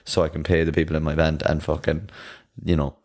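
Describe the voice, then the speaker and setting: A man's voice: a bass voice, little pitch movement, brisk, a little mellow. A young man co-hosting a podcast, chatting casually in a laid-back way and swearing freely. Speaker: podcast co-host. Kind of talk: casual chat.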